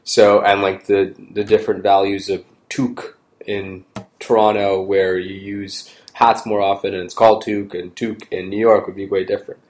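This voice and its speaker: A man with a low voice chats casually. He rambles through his points, hesitating and restarting often. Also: flat delivery, moderate pace, a little mellow. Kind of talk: casual conversation.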